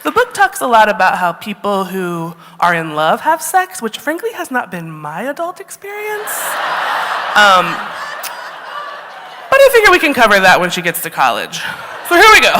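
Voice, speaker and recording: A woman tells a wry story to a live audience, her voice bright and full of swooping ups and downs. She laughs often between lines. The sound rings out with the long reverb of a big hall. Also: mid-range voice, wildly swooping pitch, normal speed, slight background noise. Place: stage in a large hall.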